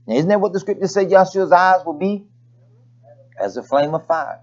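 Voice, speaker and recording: Lively-voiced male preacher, dull recording. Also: high-pitched, measured pace, pauses often. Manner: conversational preaching with folksy asides and scripture readings. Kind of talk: sermon.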